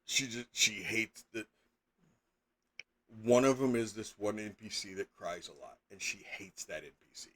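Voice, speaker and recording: A man's voice: fairly low pitch, normal speed, fairly bright tone. A middle-aged man chatting casually as a game master on a live stream, rambling with lots of fillers and sudden emphatic bursts.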